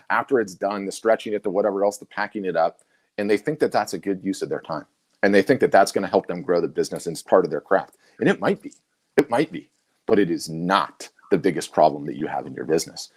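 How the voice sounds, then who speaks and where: A man's voice: sits low, a little mellow. A middle-aged man co-hosting a casual webinar, telling stories animatedly, with many restarts. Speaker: co-host.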